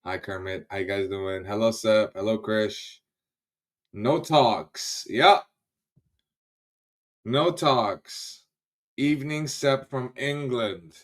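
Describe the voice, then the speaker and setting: This livestream host has a lowish voice and talks slowly with frequent pauses. He greets his viewers by name in relaxed, chatty fashion, laughing readily and trailing off mid-thought only to start again.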